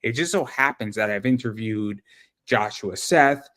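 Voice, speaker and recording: A man's voice: fairly low pitch, unhurried, fairly bright tone. A man hosting an interview show, talking casually and rambling, often repeating words as he starts a thought.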